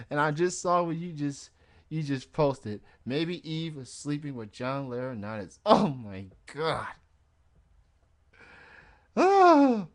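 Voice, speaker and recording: Slow-talking male wrestling show host. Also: fairly high pitch. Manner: rambling, laughs at own jokes. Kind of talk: casual chat.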